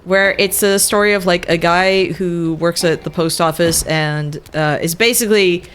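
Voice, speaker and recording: A woman's voice: fairly low pitch, moderate pace, clear, resonant tone. A woman from northern France, a native French speaker, chatting casually and laughing often while streaming a game. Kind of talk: casual gaming chat.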